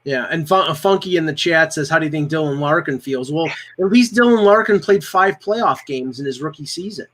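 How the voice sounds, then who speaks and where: Male co-host, somewhat high voice, dry sarcastic hockey chat. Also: animated, moderate pace, hardly any pauses, a bit bright. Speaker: podcast co-host.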